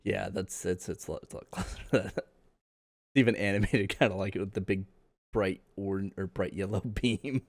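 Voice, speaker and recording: A man co-hosting a casual podcast over a call, relaxed and laughing often as he talks. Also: low-pitched, moderate pace, no room sound. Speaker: podcast co-host. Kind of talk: casual chat.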